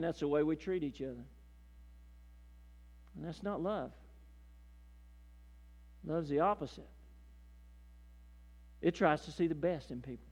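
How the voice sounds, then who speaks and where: A man preaching a sermon as pastor, folksy, calling listeners "man" and "beloved", swinging from loud fervor to hushed intensity, in a church. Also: a little high, normal speed, long pauses, in a large hall, highs cut off.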